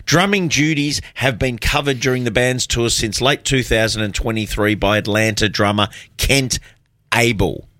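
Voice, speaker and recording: A man's voice: mid-range voice, normal speed, pushed and bright, no room sound, studio quality. An Australian man hosting a community radio music show, chatting casually and rambling with self-deprecating asides. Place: radio studio.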